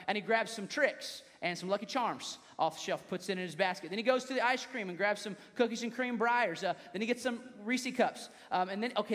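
A young man with a high voice preaches to his congregation in an easy, conversational manner. He breaks off now and then to joke with the listeners. His voice rings out with a long reverb through a church hall. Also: a bit bright. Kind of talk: sermon.

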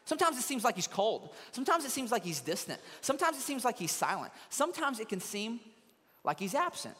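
High-voiced male pastor in a reverberant sanctuary. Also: sing-song, a little fast, pushed and bright, husky. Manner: conversational, mimics people in quoted asides. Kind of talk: sermon. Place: church sanctuary, also streamed online.

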